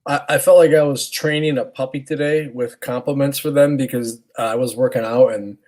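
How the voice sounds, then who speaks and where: A stay-at-home dad co-hosting a parenting podcast tells a family story in casual chat, an animated storyteller acting out his kids' lines. His voice is medium-pitched and fairly quick, and the audio is poor.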